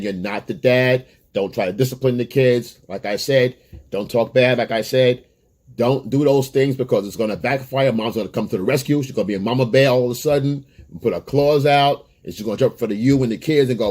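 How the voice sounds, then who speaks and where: A man's voice: mid-range voice, darkish tone. A man giving dating advice straight to camera, blunt and emphatic, lecturing and repeating his points. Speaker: dating coach. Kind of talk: direct-to-camera advice monologue.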